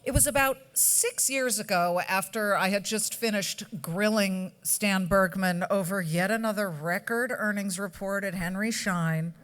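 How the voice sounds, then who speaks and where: A woman's voice: mid-range voice, unhurried, few pauses, a bit bright. A woman from California giving a chatty award speech at a charity gala, with joking asides to the audience at a podium microphone. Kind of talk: after-dinner award speech. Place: banquet hall.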